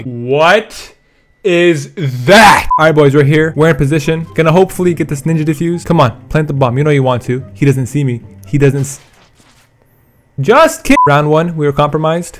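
A man's voice: fairly high pitch, noisy background. A young man giving casual, playful commentary over his own gameplay, often laughing and teasing. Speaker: gaming YouTuber.

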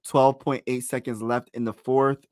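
A young man calling a basketball game live as a fan, his voice mid-pitched and dry, close to the mic. He talks loosely and excitably, pleading with players and groaning over misses. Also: moderate pace, dry recording. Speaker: live play-by-play streamer. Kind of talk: casual fan play-by-play.

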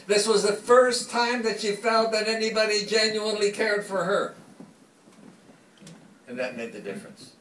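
A man's voice: high-pitched, animated, normal speed, a bit bright, slight background noise. An older man giving a public talk, telling a story and acting out the lines of the people in it. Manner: anecdotal, acts out quoted dialogue. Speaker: speaker. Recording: echoey hall from far off.

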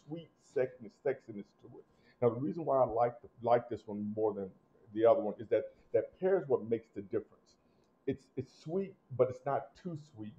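Man, fragrance-review host, emphatic, loud bursts then quiet asides, muffled audio. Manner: animated, emphatic, swings between loud punches and low asides.

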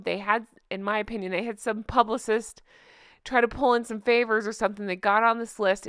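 A woman's voice: on the high side, a bit bright, clear, resonant tone, no echo, studio quality. A woman hosting a casual commentary vlog, sarcastic and giggly, often gushing. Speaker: host.

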